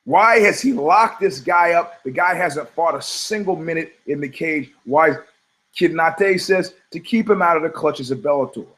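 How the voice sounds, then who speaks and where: A man's voice: a little high, normal speed, a bit bright. A man in his forties hosting a talk show, rambling and swearing, often repeating words as he restarts his thoughts. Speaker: podcast host.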